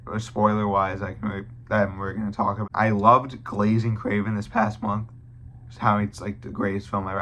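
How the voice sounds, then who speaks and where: A young man talks through a film review in a casual, offhand way, swearing freely and stopping to restart his thoughts. His voice sits fairly low but comes across bright and forceful. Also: a little hiss or hum. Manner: blunt and profane, with frequent restarts.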